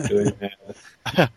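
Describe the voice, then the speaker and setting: A man's voice: lowish voice, a bit bright. A man telling family stories in a folksy way, laughing as he recalls them. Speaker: podcast co-host. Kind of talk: casual storytelling. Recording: roomy echo.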